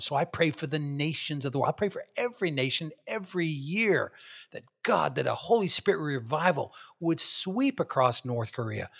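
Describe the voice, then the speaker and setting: Earnest man preaching about prayer. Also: on the high side. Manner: earnest, slows down and softens for meditative phrases. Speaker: pastor. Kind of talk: sermon.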